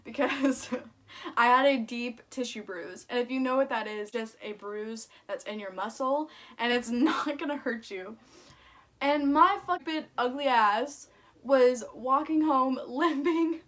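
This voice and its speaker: A woman's voice: high voice, a little slow, fairly bright tone. A woman vlogger telling a story in a casual, chatty way, swearing often and saying "like" a lot.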